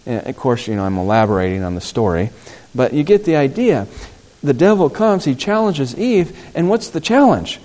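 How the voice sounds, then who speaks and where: A man's voice: medium pitch, big pitch swings, normal speed, darkish tone. A man pastor preaching a sermon, acting out Bible dialogue and asking the congregation call-and-response questions.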